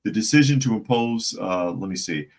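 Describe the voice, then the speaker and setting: Brief: man, low deep voice, casual news host, chatty, reads articles aloud and greets the chat. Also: animated, normal speed.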